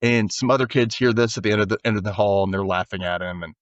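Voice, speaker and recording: A man's voice: lowish voice, quick pace, no room sound, highs cut off. A man co-hosting a podcast, casually recapping an episode and acting out the characters' lines. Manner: animated, acts out characters' lines. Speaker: podcast co-host.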